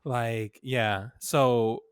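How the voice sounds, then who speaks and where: An animated storyteller co-hosting a podcast speaks extremely slowly in a clear, resonant, mid-range voice, laughing often and acting out quotes during casual chat. It's studio-quality audio with no echo.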